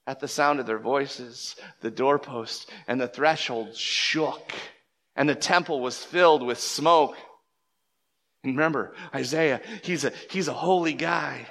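Male pastor, sermon delivery, bright forceful tone, emphatic surges and drops, big reverberant hall. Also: medium pitch, unhurried. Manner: emphatic, swings between loud bursts and hushed lines. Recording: long reverb of a large hall.

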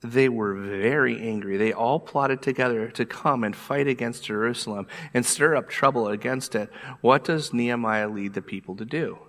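A man preaching a sermon as pastor, animated and emphatic, repeating his points for weight. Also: medium pitch, normal speed, few pauses.

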